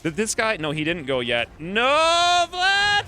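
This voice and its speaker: Guy streaming a tactics game, lively jokey commentary, silly nicknames, bright voice. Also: fairly high pitch, a little fast, soft background music. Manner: playful, coins silly nicknames. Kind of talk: live gameplay commentary.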